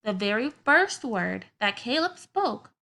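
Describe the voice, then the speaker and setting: A woman teaches grammar to young students in a recorded lesson. She talks slowly and patiently in a fairly high voice. She builds each point from simple everyday examples. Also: big pitch swings, vocal fry, pushed and bright.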